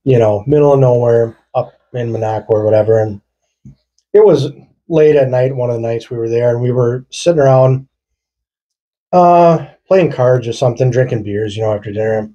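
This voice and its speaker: Husky, mellow man telling stories. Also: mid-range voice, moderate pace, muffled recording. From rural Wisconsin. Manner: loose, profane, laughing through his story. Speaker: podcast co-host. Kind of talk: casual storytelling among friends.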